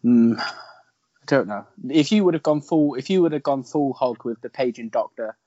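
A man's voice: medium pitch, animated, normal speed, warm tone, no room sound, highs cut off. A man co-hosting a casual, joking film podcast, swearing often. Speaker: podcast co-host.

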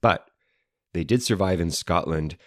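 A man with a very deep voice co-hosts a relaxed chat show, joking and reaching for fancy learned words. The sound is dry and close, with no room around it. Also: a little slow, no echo. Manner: playful, wordy, fond of learned terms. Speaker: podcast co-host. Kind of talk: casual chat.

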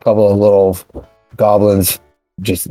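Low-voiced guy running a tabletop game, slow with lots of uhs, faint music. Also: flat delivery, warm tone, no room sound, poor audio. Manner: unhurried, many "uh" pauses. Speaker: game master.

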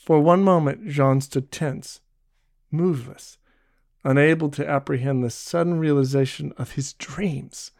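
A man reads a novel aloud in an even, measured storytelling voice. The sound is close and dry, with no room in it. His pitch sits a little above the usual for a man. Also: creaky, dry recording. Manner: steady, measured storytelling read. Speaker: audiobook narrator. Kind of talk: scripted narration of a novel.

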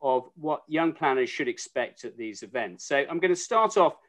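A man's voice: medium pitch, expressive, normal speed, fairly bright tone. A man hosting a casual video-call chat, joking with his guests as he introduces them. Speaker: host.

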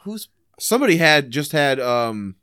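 A man co-hosting a podcast in casual chat, loose and profane, acting out scenes in quick voices. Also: on the high side, sing-song, pushed and bright, smooth, dry recording, clean studio sound. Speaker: podcast co-host. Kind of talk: casual chat about old sitcoms.

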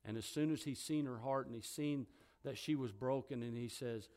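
A man preaching a sermon. He reads scripture quietly and in a lower voice, then grows loud and high as he preaches on it. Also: moderate pace.

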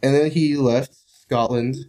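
A man's voice: medium pitch, fairly even intonation, a little slow, mellow. Rambling laughing guy telling stories. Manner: rambling storyteller, laughs mid-sentence. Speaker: guest. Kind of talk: casual chat.

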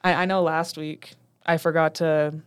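A woman's voice: low-pitched, little pitch movement, normal speed, clear, resonant tone. A young woman co-hosting a student radio podcast, chatting casually and laughing often. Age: young adult.

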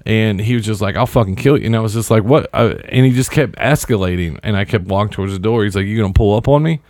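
A man's voice: lowish voice, quick pace, darkish tone, no room sound, studio quality. Laid-back man telling a story. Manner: laid-back, wry storyteller, acts out quotes. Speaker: podcast co-host. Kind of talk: casual chat, storytelling.

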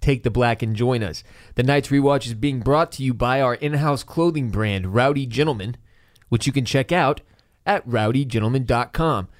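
Smooth-voiced male podcast host, joking. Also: mid-range voice, moderate pace, no room sound, studio quality. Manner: joking, profane, loose. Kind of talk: casual podcast chat and ad read. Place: podcast studio.

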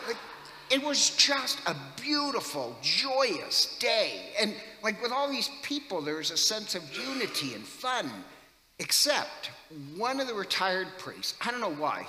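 A priest delivers a homily in an echoey church hall, his fairly high, bright voice carrying a forceful edge and a slight hiss or hum. He tells stories in a chatty, joking manner, leaning on lots of fillers.

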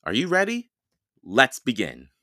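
A man reading a novel aloud as host of his own podcast, with expressive storytelling. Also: medium pitch, unhurried. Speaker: podcast host and audiobook reader.

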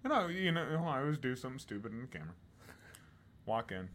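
A man's voice: mid-range voice, sing-song, fast, fairly bright tone. A man co-hosting a podcast, telling stories in casual chat, swearing and laughing often. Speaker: podcast co-host.

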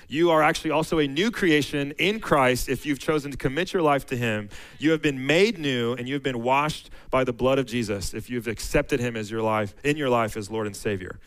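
A man's voice: medium pitch, brisk, a bit bright, clean tone, low-quality recording. A man preaching a sermon to his church, casual and conversational, often restarting phrases and reading scripture aloud with rising emphasis.

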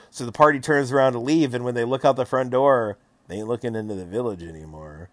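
A man acting as game master, recapping a tabletop session in a casual, animated and profane way, laughing often. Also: medium pitch, quick pace, hardly any pauses, no room sound.

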